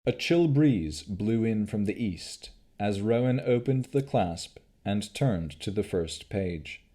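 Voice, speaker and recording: A man narrating an audiobook of a fantasy novel in a measured, deliberate reading. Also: fairly low pitch, expressive, warm tone.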